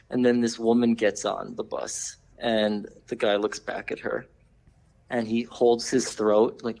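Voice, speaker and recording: A man's voice: fairly low pitch, darkish tone, rough recording. A man calling in as a guest, telling a story casually and repeating words as he goes. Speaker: phone-in guest.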